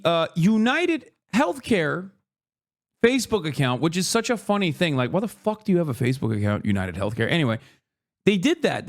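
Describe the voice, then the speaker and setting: A man streaming political commentary, animated, sarcastic and full of profanity. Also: sits high. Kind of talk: livestream commentary.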